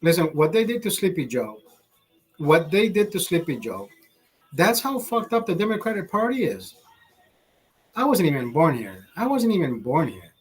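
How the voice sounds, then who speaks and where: A man's voice: fairly high pitch, very animated, normal speed, breathy edge, soft background music. A man hosting a live stream, ranting in a rambling, profane way with laughing asides. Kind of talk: livestream rant.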